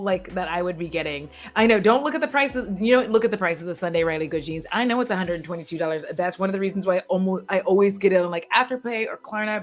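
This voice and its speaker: A woman beauty creator chatting casually and frankly to her viewers, swearing and laughing often. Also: on the low side. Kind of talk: casual livestream chat.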